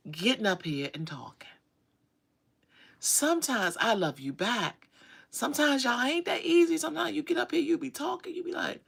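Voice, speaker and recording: A middle-aged woman, chatting casually with viewers on her livestream in an animated, drawling way. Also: medium pitch, vocal fry. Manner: animated, drawling, calls viewers baby and sugar. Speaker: livestream host.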